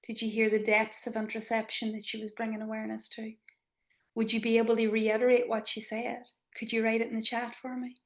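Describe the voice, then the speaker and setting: A woman trainer leads an online class, her voice sitting fairly high yet holding to a narrow, even contour. She keeps asking the group questions and often sinks to a hushed, breathy whisper as she points things out. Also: brisk. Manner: probing questions, drops to soft whispers. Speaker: embodiment trainer.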